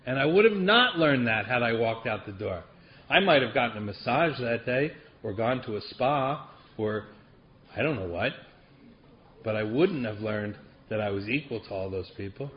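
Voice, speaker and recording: A man's voice: mid-range voice, expressive, normal speed, dull audio. A man telling a personal recovery story to a group, wry and self-deprecating, often laughing through the funny parts. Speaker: speaker sharing a recovery story.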